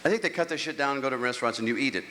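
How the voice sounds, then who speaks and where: A man in his sixties doing a stand-up comedy routine on a theater stage, ranting animatedly and swinging between grumbling and squeaky outbursts. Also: rapid-fire, sharp tone. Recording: echoey hall, clear crowd noise. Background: audience.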